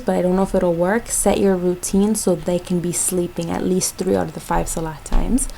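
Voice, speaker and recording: A woman's voice: on the low side, vocal fry, mellow, a little hiss or hum, poor audio. A young woman from Jamaica, a mother, giving parenting tips in a casual, chatty vlog with lots of ums and likes.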